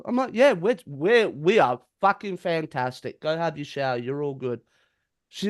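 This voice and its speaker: A man's voice: on the high side, expressive, normal speed. A man, a podcast co-host telling a story in casual chat, acting out the quotes and swearing freely.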